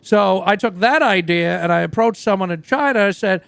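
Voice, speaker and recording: Crude rock star guy rambling and bragging in a game rp, played by a man, high gravelly voice. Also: expressive, normal speed, a bit bright, dry recording, exaggerated voice. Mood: boastful. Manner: rambling, crude and boastful, many fillers. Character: crude, boastful male rock singer. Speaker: roleplay character. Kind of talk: rambling in-character storytelling. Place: game stream from a dry studio.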